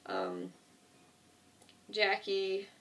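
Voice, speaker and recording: A woman's voice: medium pitch, big pitch swings, very slow, a bit bright. A woman retelling a TV episode in a casual, rambling way, correcting herself often and filling gaps with "like.". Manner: rambling, self-correcting, lots of 'like'. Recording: distant mic.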